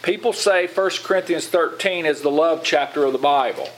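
This man sits a bit higher than most men's voices as he teaches scripture in an informal, chatty way. He keeps turning to his listeners with questions and doubles back on his words mid-sentence. A faint hiss of room noise sits under him. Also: normal speed, poor audio. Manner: informal, asks congregation questions, repeats words. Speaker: pastor. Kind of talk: conversational Bible teaching.

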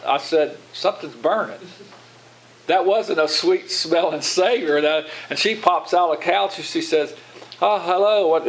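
A man's voice: fairly high pitch, slight background noise, poor audio. A man preaching to his congregation in a loose, conversational teaching style, often asking them questions and repeating his words as he goes. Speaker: pastor.

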